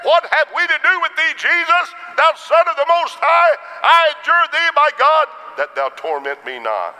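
A man voicing a panicked demon that shouts and pleads with Jesus. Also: expressive, moderate pace, in a large hall, low-quality recording. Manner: shouting in high-pitched panic.

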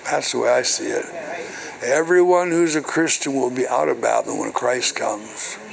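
In church, an older man who is a minister reads scripture to his congregation and explains it in a call-and-response style, frequently saying "hello" and "right." He sounds creaky at a medium pitch and moderate pace, on a low-quality recording.

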